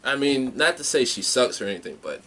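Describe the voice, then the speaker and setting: A man's voice: medium pitch, sing-song, brisk, sharp tone, a little hiss or hum. A man co-hosting a podcast, chatting casually through a wrestling recap and swearing now and then. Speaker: podcast co-host.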